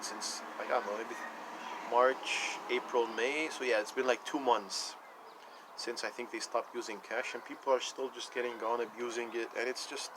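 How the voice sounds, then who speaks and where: A man's voice: medium pitch, background noise. A man talking casually into the camera, rambling and repeating himself as he retells conversations. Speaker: vlogger. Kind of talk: casual personal rant.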